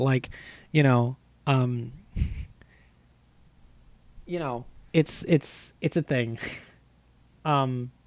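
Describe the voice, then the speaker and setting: A man streaming a game, telling a story in a casual, animated, self-mocking way with swearing. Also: fairly high pitch, no echo.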